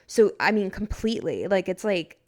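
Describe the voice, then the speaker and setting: A woman's voice: mid-range voice, big pitch swings, moderate pace, darkish tone. A woman chatting as a podcast guest, telling her story by acting out things she and her friend said. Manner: chatty, acts out her own past remarks in quotes. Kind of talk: casual chat.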